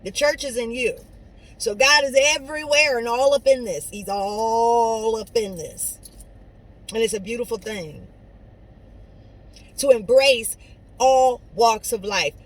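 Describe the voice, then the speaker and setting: A woman giving an inspirational talk straight to her viewers, preachy and conversational, swinging between soft asides and loud emphatic lines. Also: fairly high pitch, takes it slowly, pauses often, rough recording. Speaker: motivational speaker. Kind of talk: inspirational monologue to camera.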